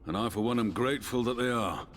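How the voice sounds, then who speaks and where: An actor playing a dignified, courteous commander in a game cutscene, speaking with formal, old-fashioned phrasing. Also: male voice, mid-range voice, fast, faint music behind, close to an everyday voice.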